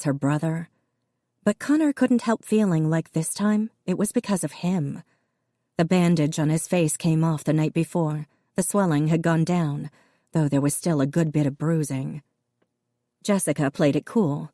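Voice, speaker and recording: Woman audiobook narrator, steady and even, low dark voice, dry close mic. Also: no room sound. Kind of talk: scripted narration.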